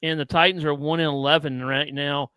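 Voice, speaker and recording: Co-host: man with a slightly raised pitch, casual and conversational, dry close sound. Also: little pitch movement, brisk, bright, forceful tone, clear, resonant tone, no echo, rough recording. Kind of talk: casual sports talk.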